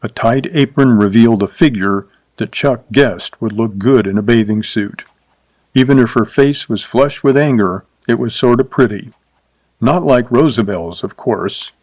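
Man reading a story out loud, mid-pitched voice, dry close sound. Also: normal speed, dry recording. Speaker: narrator.

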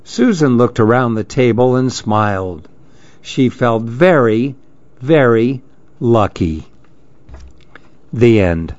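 Man, host, children's story reading, very slow, muffled lo-fi. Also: mid-range voice, lively intonation, no echo. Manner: gentle, measured storytelling.

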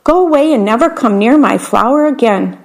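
A woman's voice: on the high side, lively intonation, a little fast. A woman reading aloud, voicing a grumpy, self-important man who speaks crossly and demandingly.

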